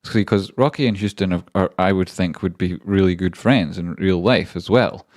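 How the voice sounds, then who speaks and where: A man's voice: low voice, normal speed, a little mellow, no room sound. A man hosting a live stream, rambling and joking casually with viewers and swearing now and then. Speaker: livestream trading host.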